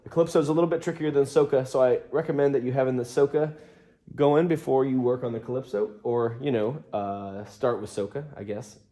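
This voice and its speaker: In a roomy studio loud with drums, a man with a mid-range voice talks a little fast through an easygoing drum lesson. He's the teacher, counting the beats aloud as he plays and explains.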